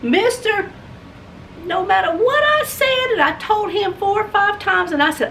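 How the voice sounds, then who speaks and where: Woman, very high voice, dramatic storyteller, recorded from a distance. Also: expressive, unhurried, gravelly, a bit bright, a little hiss or hum. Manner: dramatic, acts out scenes, talks to viewers. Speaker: vlogger. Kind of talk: animated storytelling vlog.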